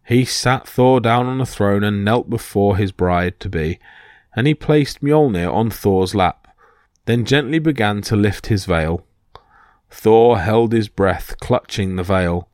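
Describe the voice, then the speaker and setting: Man, low voice, steady storytelling narration, dry close sound. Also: measured pace, no room sound. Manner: steady reading with small slips. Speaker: podcast host and narrator.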